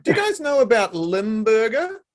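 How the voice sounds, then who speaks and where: High-voiced chatty man co-host. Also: big pitch swings, moderate pace, crowd noise. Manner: chatty, laughs along, recounts videos he watched. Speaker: podcast co-host. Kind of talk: casual group chat.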